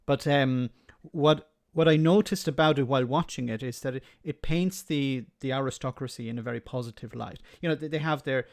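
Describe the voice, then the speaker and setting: A man's voice: medium pitch, brisk. Hesitant man chiming in. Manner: hesitant, stammering. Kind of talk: casual political chat.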